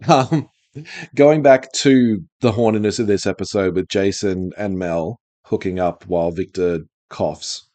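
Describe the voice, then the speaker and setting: Deep-voiced man rambling through casual podcast chat. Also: a little slow, no echo. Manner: rambling, animated, self-interrupting. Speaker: podcast host.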